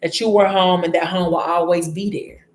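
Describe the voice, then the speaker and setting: A woman voicing a heartbroken young man who pleads with his lost love, talking low and rushed in an echoey room. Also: steady tone, close to an everyday voice. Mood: pleading.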